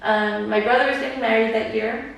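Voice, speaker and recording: A young woman hosts a podcast in loose, chatty talk and often acts out the voices of people she quotes. Her voice has a gravelly, slightly high edge. The room is strongly echoey, and she sits a little away from the mic. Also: fairly even intonation, fairly quick, recorded from a distance. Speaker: podcast host. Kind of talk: casual chat.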